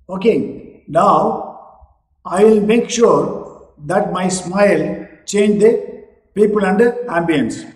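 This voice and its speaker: Slow, emphatic teacher. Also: male voice, high voice, reverberant, rough recording. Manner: slow and emphatic, stretching key words. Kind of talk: lecture to students.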